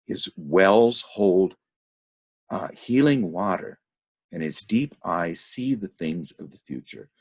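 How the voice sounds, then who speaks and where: A man's voice: sits low, expressive, slow pace, slightly rough, pitched above the performer's own voice, exaggerated voice. A man reading as a blind pleading temptress.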